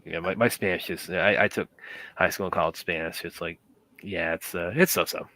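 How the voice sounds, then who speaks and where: Male co-host, very deep yet forceful voice, stumbling delivery, dry sound. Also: steady tone, dry recording. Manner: halting, repeats words. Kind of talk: casual stream chat.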